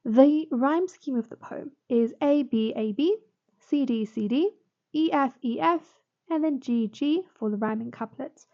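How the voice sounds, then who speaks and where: A woman's voice: sits high, a little slow. Woman tutor explaining a poem, lo-fi. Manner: explanatory, with fillers and self-corrections. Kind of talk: poetry analysis lesson. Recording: dull lo-fi sound.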